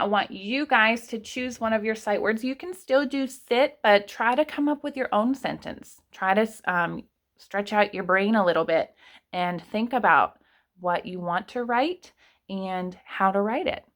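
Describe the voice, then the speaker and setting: Woman, kindergarten teacher recording an online lesson; unhurried delivery, a bit of gravel in the voice, sounds words out slowly for small kids. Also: medium pitch, animated, a bit bright. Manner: patient, speaks slowly to children. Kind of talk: online lesson for young children.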